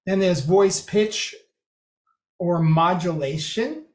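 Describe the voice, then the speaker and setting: Casual online lecturer, mid pitch, chatty with restarts; video call sound, echoey room. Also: takes it slowly. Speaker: presenter. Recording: roomy echo.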